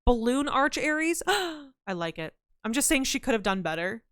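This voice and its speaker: A woman's voice: fairly high pitch, normal speed, few pauses, no room sound, studio quality. A young woman streamer chatting casually with her chat, telling stories and laughing, with a slightly scratchy throat. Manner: chatty, laughing, reads chat aloud, animated storytelling.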